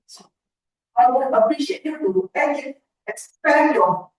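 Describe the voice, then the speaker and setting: A woman's voice: sits high, lively intonation. Woman evaluating a speech, echoey and distant. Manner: measured, encouraging feedback with pauses. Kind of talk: speech evaluation at a club meeting. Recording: echoey room from far off.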